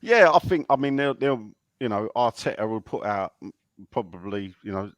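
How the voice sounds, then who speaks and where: A man's voice: on the low side, lively intonation, normal speed, dry recording. Dry-sounding man telling stories. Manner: rambling storyteller, laughs mid-sentence. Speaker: podcast co-host. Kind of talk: casual fan podcast chat.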